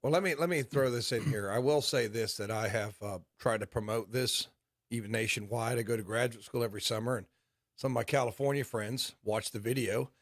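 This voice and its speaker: A man's voice: mid-range voice, fairly quick, dry recording, studio quality. A man with a Southern US accent co-hosting a sports talk show, teasing his co-hosts with joking questions and stumbling restarts. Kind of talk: casual studio banter. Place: radio studio.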